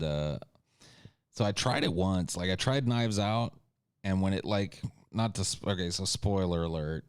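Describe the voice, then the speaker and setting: Man, low voice, dry close mic, crude, joking, casual podcast host. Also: darkish tone, smooth, no echo. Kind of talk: casual comedic podcast chat.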